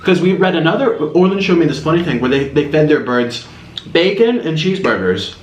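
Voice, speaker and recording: A man's voice: on the high side, a little fast. A young man hosting an eating video, telling stories in a chatty, rambling way while he eats, recorded on a camera mic. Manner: chatty, animated storytelling, rambling asides. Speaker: mukbang host. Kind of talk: casual chat while eating. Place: room at home. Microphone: camera's built-in mic, no separate mic. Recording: echoey room with faint hiss.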